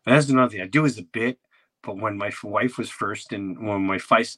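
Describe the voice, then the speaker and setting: Podcast host, a man with a forceful, husky voice telling a rambling comedic story. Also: on the low side, brisk. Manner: animated, rambling, acts out quotes.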